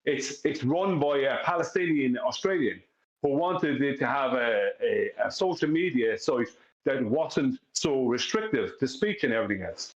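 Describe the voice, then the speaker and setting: A man's voice: mid-range voice, lively intonation, moderate pace. Emphatic Irish man, echoey lo-fi. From Ireland. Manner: emphatic, repeats himself, keeps asking "you know what I mean". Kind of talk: casual live-stream chat. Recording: echoey, dull lo-fi audio.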